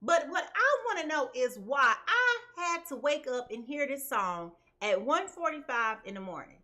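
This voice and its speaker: Animated chatty woman tarot reader. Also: sits high, normal speed. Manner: animated and emphatic, keeps asking listeners "okay?"; chatty and colloquial, addresses viewers as "y'all". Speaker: tarot reader and channel host. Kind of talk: casual commentary before a tarot reading.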